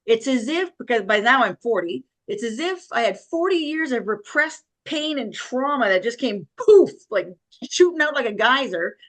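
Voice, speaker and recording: A woman's voice: on the high side, animated, moderate pace, a bit bright. A middle-aged woman, an interview guest, telling her life story with emotion and nervous laughter. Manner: emotional, vivid retelling with quoted voices and nervous laughs.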